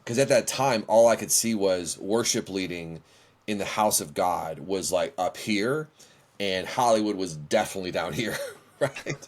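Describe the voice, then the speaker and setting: A middle-aged man with a fairly low voice tells stories from his own life. He talks in an animated way and acts out what he said back then. He speaks as the guest of an interview podcast. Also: unhurried. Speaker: worship leader, guest.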